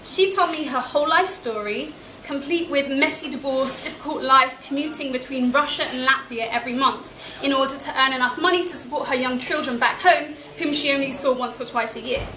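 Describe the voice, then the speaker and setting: High-voiced British woman telling travel tales. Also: a little fast, few pauses, bright, forceful tone. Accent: British English. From England. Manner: wry, self-deprecating, with small laughs. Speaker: storyteller at a live event. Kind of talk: personal travel story told to an audience. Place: cafe event room. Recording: echoey cafe with noisy ambience.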